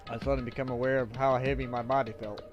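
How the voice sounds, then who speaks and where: A man's voice: mid-range voice, muffled recording. A man livestreaming a game, reading its dialogue aloud with loose, joking asides. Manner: loose, joking asides between read lines. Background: game music.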